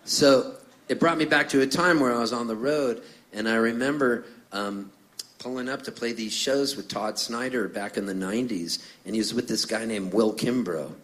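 A man's voice: medium pitch, normal speed, a bit bright, poor audio. A middle-aged singer-songwriter telling playful, rambling stories between songs on a live stage, laughing as he goes. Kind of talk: onstage storytelling.

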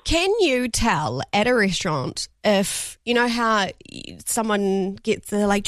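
A woman from New hosting a breakfast radio show in a studio, chatty and quick, stumbling over words and laughing. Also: mid-range voice, animated, no room sound. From New Zealand. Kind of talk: casual radio chat.

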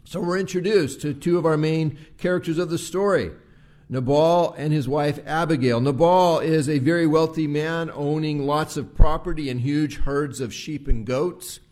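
A male pastor preaching a live Sunday sermon, measured and slowing to stress key words. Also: on the high side, darkish tone. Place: church service recorded live.

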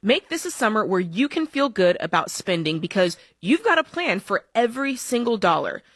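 A woman's voice: medium pitch, big pitch swings, normal speed, fairly bright tone, no echo, studio quality. A woman reading a radio ad in an upbeat, chatty, friendly way. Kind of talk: friendly conversational ad read.

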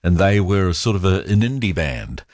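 A man's voice: low voice, sing-song, moderate pace, a little mellow, no room sound, clean studio sound. A man with a New Zealand accent hosting a talk radio show. He chats easily, mocks himself, and often repeats his words. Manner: conversational, self-mocking, repeats words. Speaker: radio host.

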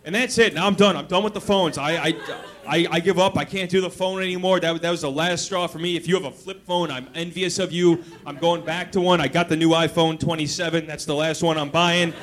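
A man's voice: on the high side, fairly even intonation, fairly quick, fairly bright tone. A man doing a stand-up set, ranting in exasperation and stammering as he restarts. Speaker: stand-up comedian.

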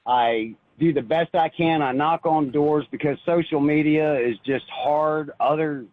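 A man's voice: on the high side, dry recording. Earnest man calling in over a phone. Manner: earnest, halting, many restarts. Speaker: caller. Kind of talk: phoned-in personal testimony. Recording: tinny phone line.

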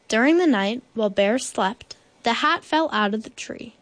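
A woman reading a children's picture book aloud in slow, deliberate storytelling. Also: fairly high pitch, expressive, a bit bright, no room sound. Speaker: guest reader.

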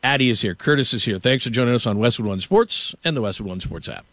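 A man hosting a sports radio show, rambling through anecdotes with quick laughs. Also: mid-range voice, expressive, fairly bright tone, no echo. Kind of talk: casual radio banter.

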